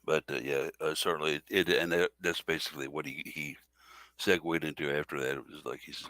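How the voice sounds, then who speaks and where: Man, very low voice, bright tone, halting, lots of fillers, casual sports talk. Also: fairly even intonation, dry recording. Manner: halting, many fillers and self-corrections. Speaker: podcast co-host.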